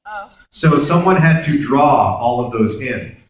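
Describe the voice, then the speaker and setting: Animated Brooklyn man in an echoey hall. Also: mid-range voice, a little slow, distant mic, highs cut off. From Brooklyn, New York. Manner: animated, acts out dialogue in voices. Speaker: convention panel guest. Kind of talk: convention Q&A storytelling. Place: large convention hall. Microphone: camera in the audience, far from the speaker.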